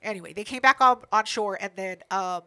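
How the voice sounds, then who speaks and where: A woman's voice: medium pitch, a little fast, sharp tone, clean tone. A woman co-hosting a podcast, telling a family story in casual, profane chat. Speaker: podcast co-host.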